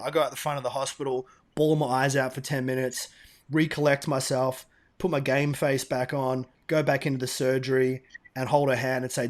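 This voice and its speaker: A man co-hosting a podcast, telling stories in an animated, emphatic, casual way. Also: mid-range voice, normal speed. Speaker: podcast co-host. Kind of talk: casual storytelling chat.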